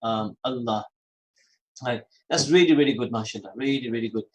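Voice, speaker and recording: A man's voice: medium pitch, a little fast, rough recording. Man hosting religious radio talk. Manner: repeats phrases for emphasis, mixes in Arabic and Urdu terms. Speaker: radio host.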